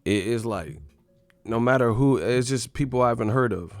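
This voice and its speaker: A man's voice: mid-range voice, normal speed, no room sound, soft background music. A man doing a profane, mocking casual rant about boxing as the show's commentator. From United States.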